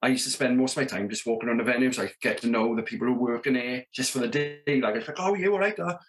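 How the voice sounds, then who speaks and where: A man's voice: medium pitch, quick pace. A South Welsh man in his thirties, a rock drummer telling tour stories as a podcast guest, acting out the dialogue with lots of "you know what I mean". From Wales, Merthyr Tydfil area. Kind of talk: casual storytelling.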